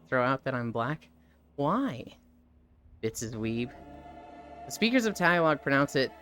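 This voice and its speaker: A livestreamer chats casually with viewers, their pitch swinging up and down in a very lively way. They act out stories, voicing the friends they quote, laughing often and dropping playful curses and quips, while faint music plays underneath.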